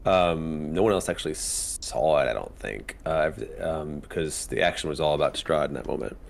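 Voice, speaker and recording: Deep gravelly game master. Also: male voice, normal speed. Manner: laughs easily, hesitant fillers. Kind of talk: narrating a tabletop game.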